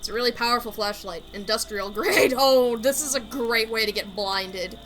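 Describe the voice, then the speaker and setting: A woman voicing a deadpan uncle in a video game who lists gadget features like a salesman. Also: on the high side, normal speed, close to an everyday voice, rough recording. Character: gear-proud adult uncle, deadpan.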